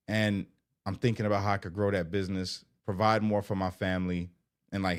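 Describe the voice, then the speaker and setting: A man talks candidly to camera in an earnest, heartfelt way, often repeating himself. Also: low voice. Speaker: vlogger.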